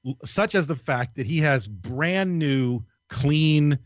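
A man, a podcast guest, telling a long story in casual, animated style, swearing freely and laughing as he goes. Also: fairly high pitch, slow, no echo, dull audio. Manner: animated, profane, laughs through his story.

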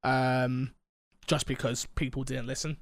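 A man's voice: mid-range voice, level tone, a little slow, dry recording, studio quality. A man from London with a London accent, hosting a casual gaming podcast while stuffy with a blocked nose and sore throat, rambling and joking through tangents. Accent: London English. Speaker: podcast host.

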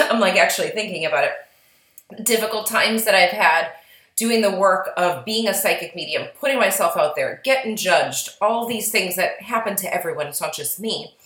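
A woman's voice: medium pitch, expressive, normal speed, a bit bright, echoey room, poor audio. A woman co-hosting a casual podcast, chatty and reflective, her voice slightly worn. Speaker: podcast co-host, psychic medium.

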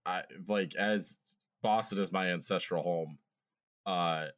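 A man with a somewhat low voice trades casual banter as a podcast co-host. He drops quick, dry asides into the conversation. Profanity comes easily and often. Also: steady tone, a bit bright. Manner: quick joking asides, swears freely. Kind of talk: casual chat.

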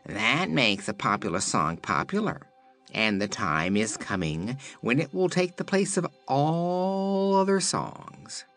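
A man's voice: medium pitch, sing-song, slow pace, a bit bright, faint music behind, full character voice. A man voicing a sulky, boastful talking phonograph machine in a storybook reading. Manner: sad then indignant, sulky.

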